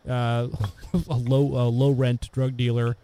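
A man's voice: medium pitch, flat delivery, measured pace, mellow, a little hiss or hum. A man in casual conversation, talking at length with many fillers and restarts. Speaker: podcast co-host discussing films. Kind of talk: casual chat.

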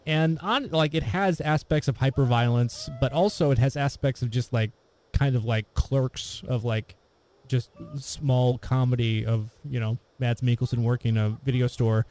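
A man talks in a relaxed, mellow voice, wandering through his thoughts with plenty of fillers and restarts. It is casual, unhurried chat between friends. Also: mid-range voice. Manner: rambling, hesitant, many fillers and restarts. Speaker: podcast co-host discussing films.

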